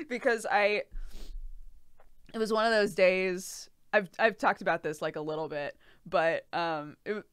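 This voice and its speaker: A woman's voice: fairly low pitch, steady tone, unhurried, a bit bright, clean tone, no room sound. A young pregnant woman streaming, chatting casually with her viewers, laughing often and swearing freely. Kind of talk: casual chat with live chat.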